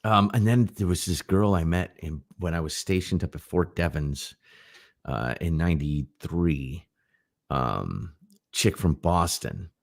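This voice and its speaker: A middle-aged man co-hosting a casual livestream chat, telling rambling, animated stories. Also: sits low, unhurried, gravelly. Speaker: livestream co-host.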